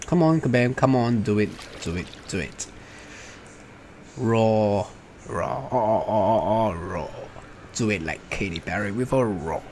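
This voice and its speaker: A man giving casual, playful commentary over his gameplay, chatting and cheering on the characters on screen. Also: lowish voice. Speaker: let's play gamer. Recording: noisy home recording.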